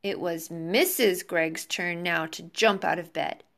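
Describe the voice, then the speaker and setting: A woman teacher reading a children's book aloud to her class over a video call, slow and expressive. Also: lowish voice. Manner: slow, expressive, warm sign-off to pupils.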